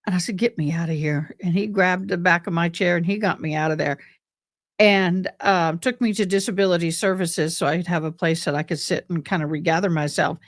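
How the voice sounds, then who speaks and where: A woman's voice: on the low side, steady tone, a little fast, dry recording, studio quality. A middle-aged woman hosting a livestream, chatting casually with viewers and calling them honey and boo. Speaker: livestream host. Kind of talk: casual chat to live viewers.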